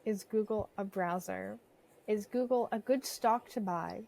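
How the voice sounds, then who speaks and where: A woman's voice: mid-range voice, measured pace, gravelly, darkish tone, low-quality recording. A woman co-hosting a podcast, running a game in casual chat with a playful, teasing manner. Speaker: podcast co-host.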